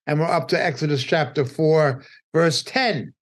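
Slow, deliberate New teacher. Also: male voice, on the high side. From New York. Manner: deliberate, emphatic, pausing between phrases. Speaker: Bible teacher. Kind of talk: midweek Bible study teaching.

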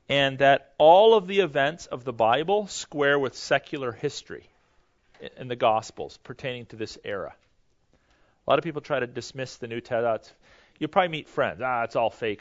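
A man teaching a Bible history lesson in a conversational, explanatory way, often restarting his sentences. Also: mid-range voice. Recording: dull lo-fi recording.

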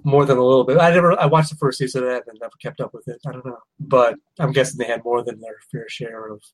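A man's voice: medium pitch, steady tone, quick pace, rough recording. A man in his thirties co-hosting a podcast, trading jokes and strong opinions in casual chat. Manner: joking, irreverent, opinionated. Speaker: podcast co-host.

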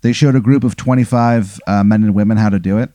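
Male storyteller running a scenario, mellow, dry mic, rambling with fillers. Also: fairly low pitch, fairly even intonation, fast talker, no echo. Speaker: game master of a hypothetical. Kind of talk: improvised storytelling.

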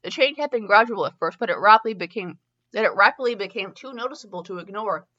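A middle-aged woman reads a fanfiction story aloud, her voice bright and sharp. She often trips over words and starts again. The recording is muffled and lo-fi. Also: mid-range voice, animated, fast talker. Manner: stumbles and restarts often, chatty asides. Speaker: fanfiction reader and podcast host. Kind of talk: reading a story aloud with asides.

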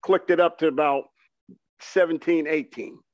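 A man rants for laughs on a podcast, animated and mock-boastful, acting out his own excitement as he goes. His voice sits a little high. The recording sounds muffled and dry. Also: normal speed, no echo. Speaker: podcast co-host. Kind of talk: comedic rant.

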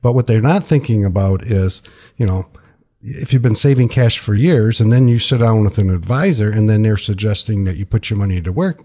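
A man speaking as a financial advisor on a talk radio show, in a plainspoken way with the odd folksy saying. His voice is husky and sits fairly low. He sounds conversational and down to earth. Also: warm tone.

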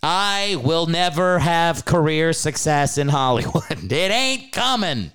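A man's voice: fairly high pitch, animated, takes it slowly, a bit bright, clean tone. A man hosting a podcast, ranting about sports in a casual comedic way. He swears freely and laughs often. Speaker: podcast host.

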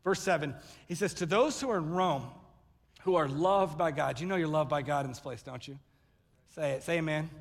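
A man preaching a sermon as pastor, telling stories and acting out quoted people with sudden loud bursts. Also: on the high side, in a large hall. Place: church sanctuary.

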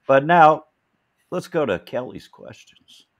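A man's voice: a little high, expressive, slow pace, muffled recording. A man hosting a casual talk show, rambling and joking, often restarting his sentences. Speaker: host. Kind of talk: casual chat.

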